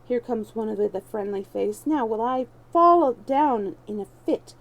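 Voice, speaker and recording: A woman's voice: on the high side, lively intonation, a little slow, rough recording. A woman voicing a crafty young male street thief who mocks and schemes in archaic speech. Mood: scheming.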